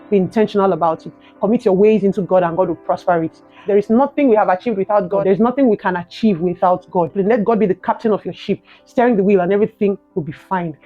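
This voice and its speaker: A young adult woman with a Nigerian accent, telling a personal story in a vlog, animated and emotional, ending in prayerful encouragement. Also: medium pitch, highs cut off. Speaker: vlogger.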